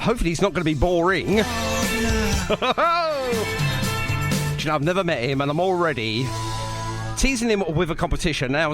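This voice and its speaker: Lively, jokey radio host. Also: male voice, fairly high pitch. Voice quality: chatty, jokey, laughs often. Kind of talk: casual live radio chat. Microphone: home studio microphone.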